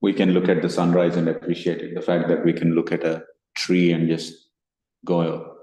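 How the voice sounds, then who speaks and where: A man's voice: low voice, completely flat delivery, normal speed, mellow, roomy sound, poor audio. A man with an Indian accent, co-hosting a meditation podcast, explaining ideas in a rambling, casual way. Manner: rambling, explanatory, often restarts, acts out inner voices. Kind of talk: casual spiritual discussion. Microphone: online meeting recording.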